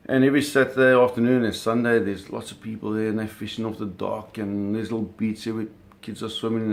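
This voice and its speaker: A man with a low, gravelly voice recounts a personal story in a loose, casual way. He curses freely and acts out the sounds and scenes as he goes. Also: a little hiss or hum.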